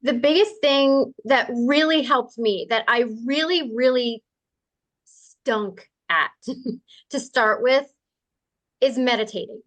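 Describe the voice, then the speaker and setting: A woman's voice: on the high side, a bit bright, no room sound. A woman telling personal stories as a podcast guest in an earnest, conversational way, speeding up in bursts. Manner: earnest, quick bursts of speech with laughs. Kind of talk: conversational storytelling.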